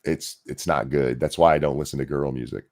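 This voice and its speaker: A man's voice: a bass voice, steady tone, fairly quick, darkish tone. A man hosting a podcast, ranting in casual, mocking, sarcastic commentary. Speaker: podcast host.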